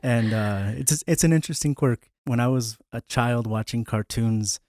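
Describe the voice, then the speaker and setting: A man's voice: mid-range voice, moderate pace, a little mellow, dry recording, studio quality. A man hosting a podcast, chatting casually, laughing and restarting his sentences often. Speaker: podcast host.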